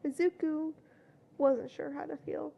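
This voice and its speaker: A woman reading a fanfiction story aloud in a plain storytelling way, with louder voices for quoted shouts. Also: high voice, measured pace, vocal fry, lo-fi sound. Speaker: fanfiction reader.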